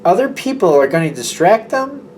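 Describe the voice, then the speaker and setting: A man's voice: high-pitched, sing-song, moderate pace, darkish tone, slight background noise. Chatty man reading tarot cards. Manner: chatty, rambling, acts out imagined dialogue. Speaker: tarot reader. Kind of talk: casual tarot reading monologue.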